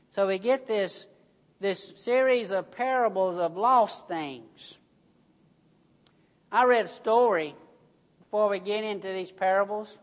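A preacher delivering a sermon, telling a story slowly with emphatic stresses, in a church hall. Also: mid-range voice. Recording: dull recording, long hall reverb.

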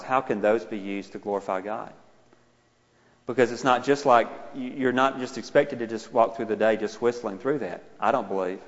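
A man preaching to his congregation in a mid-pitched voice, talking plainly and then building to forceful emphasis. The sound is dull and a bit muffled, with a long hall reverb around him. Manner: conversational preaching, rising to loud emphatic retellings. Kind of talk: sermon. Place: church sanctuary.

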